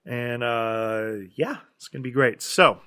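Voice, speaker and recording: A man's voice: medium pitch, measured pace, fairly bright tone, smooth. A man co-hosting a casual movie podcast, talking with enthusiasm and many fillers while reading out trivia. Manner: enthusiastic, filler-heavy, reads trivia aloud. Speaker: podcast co-host.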